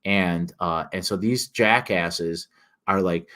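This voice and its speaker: A man's voice: low voice, takes it slowly, pushed and bright. An older man with a Northern US accent, talking emphatically in a casual ranting monologue as an author hosting a livestream. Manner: emphatic, ranting, frequent restarts and fillers.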